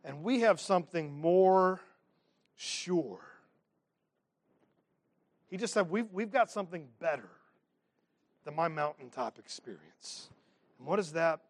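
A man's voice: on the high side, lively intonation, slow pace, long pauses, no echo. A man preaching a teaching sermon as pastor of his church, reading scripture and adding humorous asides.

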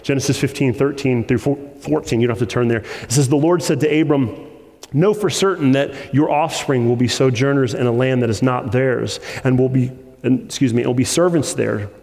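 A man's voice: mid-range voice, a little fast, creaky, a little mellow. A man preaching a sermon as pastor, earnest and repeating phrases to press his point home. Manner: earnest, with repetition for emphasis and rising intensity. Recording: long hall reverb.

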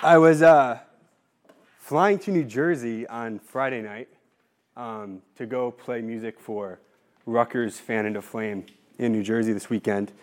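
A man's voice: mid-range voice, slight background noise. Nervous, tearful young man giving a talk. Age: 20s. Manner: nervous, halting, with many pauses and fillers. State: tearful, voice breaking. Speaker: speaker giving a formation talk. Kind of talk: heartfelt talk to a faith community.

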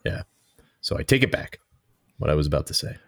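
Very deep male voice, dry close recording, chatty podcast co-host. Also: animated, a little fast, vocal fry, a bit bright, no echo. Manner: chatty, self-correcting. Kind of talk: casual chat.

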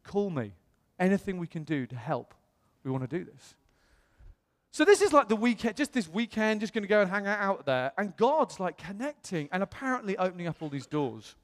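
A British man, a pastor, telling a lively personal story in a sermon and acting out the other people's lines. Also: high-pitched, brisk. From England. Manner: animated, acts out quoted voices. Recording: long reverb of a large hall.

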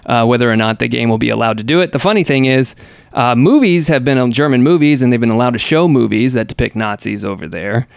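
A man's voice: mid-range voice, gravelly, clean tone, dry recording, clean studio sound. A man co-hosting a podcast, chatting casually about gaming news in a rambling, hesitant way full of fillers and restarts. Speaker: podcast co-host.

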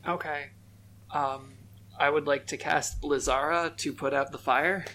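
A man's voice: fairly high pitch, fairly even intonation, unhurried, very noisy. A man playing in a tabletop game podcast, talking in a hesitant, laid back way. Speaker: player.

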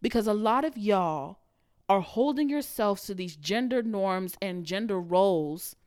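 A woman podcast host delivers a blunt, profanity-laced rant in a casual monologue. Her voice sits mid-pitch, and she slips into mocking impressions of the people she quotes. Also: clean tone. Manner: blunt, profane, ranting, animated.

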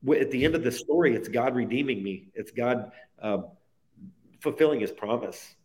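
A man's voice: medium pitch, moderate pace, a little mellow. A man speaking as a guest in a podcast interview, telling a personal faith story in an earnest, heartfelt way that stacks phrases one onto the next.

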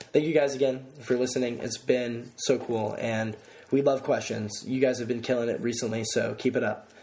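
A young man hosting a podcast, telling stories in an excitable, casual way and swearing freely. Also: medium pitch. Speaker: podcast host.

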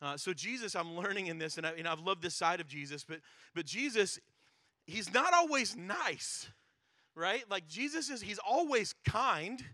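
A man's voice: high-pitched, animated, moderate pace, sharp tone, dry recording, studio quality. A man preaching a sermon in a conversational, chatty way, with plenty of filler words. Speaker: pastor.

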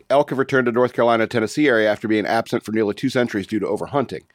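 A man's voice: fairly low pitch, very fast, no echo, studio quality. A man co-hosting a casual chat, reading news stories with joking asides. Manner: relaxed, reads stories, jokey asides.

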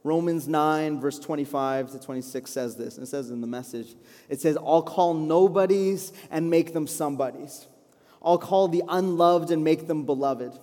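A man preaching a sermon live to a congregation, earnest and pleading, building to fervent declarations and slowing down to pray. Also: on the high side. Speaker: pastor. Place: church hall, live congregation. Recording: live church hall reverb with soft music. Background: soft instrumental worship music.

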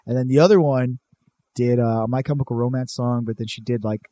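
A man's voice: medium pitch, fairly even intonation, brisk, warm tone. A young man from California, telling a rambling, profane story in casual chat and saying "dude" a lot.

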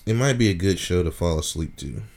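Very deep-voiced man in casual banter. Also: expressive, brisk, creaky, a little mellow. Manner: loose, profane, joking banter. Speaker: podcast co-host. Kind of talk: casual chat.

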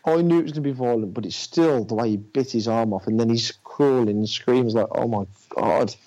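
A man's voice: medium pitch, fairly quick, warm tone. A man in casual chat about films, talking hesitantly with many fillers and restarts. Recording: dull lo-fi audio.

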